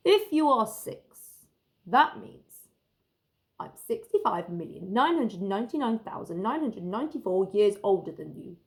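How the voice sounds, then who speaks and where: A woman's voice: mid-range voice, very animated, unhurried. A woman voicing a boastful male T-Rex, reading his letters aloud for a children's story.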